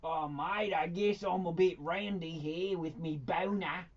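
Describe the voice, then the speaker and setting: A man's voice: a little high, measured pace, crowd noise, lightly acted. A man putting on a crude, blokey Australian movie star with a slightly raised voice, stumbling over his words. The sound is dull and muffled. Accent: put-on Australian. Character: crass Australian male movie star, middle-aged.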